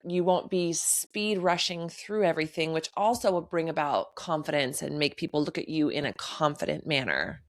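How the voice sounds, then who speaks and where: A woman co-hosting a podcast in casual chat, chatty and encouraging with quick affirmations. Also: low-pitched, dry recording, clean studio sound. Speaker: podcast co-host.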